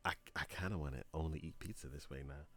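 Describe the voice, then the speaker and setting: Here a young man in early adulthood rambles through a story on a live stream, acting out both speakers in every conversation he recounts. The pitch is extremely deep and the pace quick, with a slight hiss or hum. Frequent laughs and plenty of fillers pepper his casual chat.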